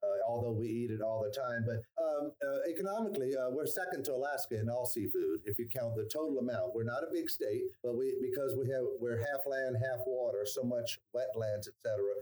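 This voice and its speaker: A man's voice: medium pitch, a little fast, few pauses, mellow. Man from Louisiana on a podcast. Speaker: guest tourism representative.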